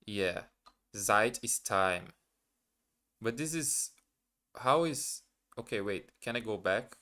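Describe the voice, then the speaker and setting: Slow, bright-toned man thinking aloud. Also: fairly low pitch, lively intonation. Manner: hesitant, self-questioning, repeats practice words. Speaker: live streamer learning German. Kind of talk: casual live stream, thinking aloud.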